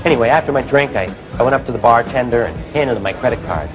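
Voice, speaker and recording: A man's voice: mid-range voice, quick pace, music in the background, poor audio. A man telling his own true story to an audience, plain-spoken and reflective, often saying "you know".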